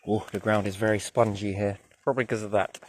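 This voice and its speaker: A man's voice: fairly low pitch, flat delivery, a little fast, slight background noise. Man thinking aloud outdoors, faint birds. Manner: thinking aloud, wondering, often trailing off quietly. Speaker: vlogger. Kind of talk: musing walking commentary. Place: outdoors by a river in woods.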